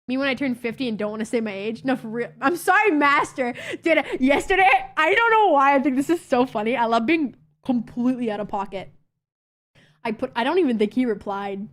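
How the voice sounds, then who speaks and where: A woman livestreaming and chatting with her viewers in a playful, teasing way, swearing freely. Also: a little high. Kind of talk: casual chat.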